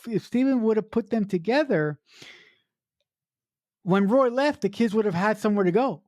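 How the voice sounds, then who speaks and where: A woman's voice: medium pitch, expressive, moderate pace, darkish tone, no echo, studio quality. A woman co-hosting a podcast, breaking down a film in casual chat, ranting with swearing and stumbling over fillers. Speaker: podcast co-host.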